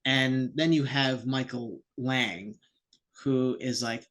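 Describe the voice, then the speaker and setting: A man's voice: medium pitch, steady tone, slow, a bit bright. A man who is a podcast guest, talking casually and heatedly and swearing freely. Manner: heated, sweary, puts on voices when quoting. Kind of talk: casual chat.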